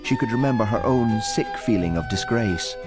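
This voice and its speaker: A man narrating an audiobook with expressive storytelling. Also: fairly low pitch, moderate pace, over music. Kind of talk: scripted narration.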